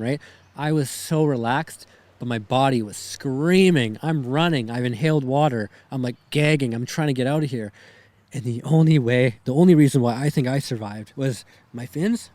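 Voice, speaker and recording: A man's voice: medium pitch, fairly quick, a little mellow, no room sound. A young man, a podcast guest, telling a personal story in a rambling way, shaken and close to tears, often adding "right?" and "man".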